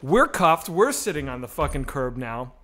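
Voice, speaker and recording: Animated, bright-voiced man telling a story. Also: a little high, normal speed. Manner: animated, profane, acts out the voices in his story. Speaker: comedy podcast host. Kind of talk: storytelling on a stream.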